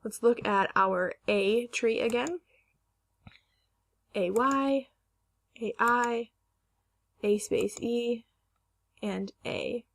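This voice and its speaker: Slow, gravelly woman teaching phonics. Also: on the high side. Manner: slow, careful, stretching sounds to model pronunciation. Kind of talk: recorded phonics lesson for young children.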